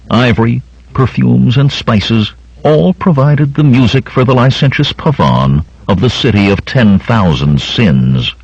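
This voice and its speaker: A man reading an adventure novel aloud as an audiobook narrator, with a dramatic, expressive delivery. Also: creaky, husky, dry recording, highs cut off. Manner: dramatic, expressive reading with wide pitch swings.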